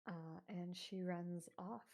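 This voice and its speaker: A woman's voice: on the low side, slow. Woman game master, chatty narration. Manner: relaxed, chatty narration with fillers.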